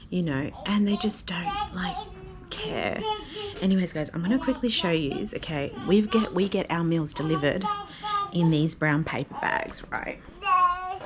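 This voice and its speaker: A woman vlogging casually from a hotel room, chatty and venting with plenty of fillers, recorded on a phone or camera mic. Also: mid-range voice. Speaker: vlogger and mother. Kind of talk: casual vlog chat to camera.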